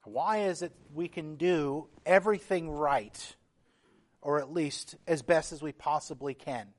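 Earnest pastor preaching, fairly high voice. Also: male voice, unhurried. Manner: earnest preaching, building emphasis with repeated phrases; reads scripture aloud with feeling. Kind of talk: sermon.

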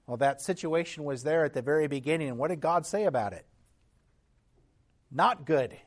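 A man preaching a sermon as a pastor, teaching in an earnest tone, with restarts and occasional throat clearing. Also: on the high side, animated, normal speed.

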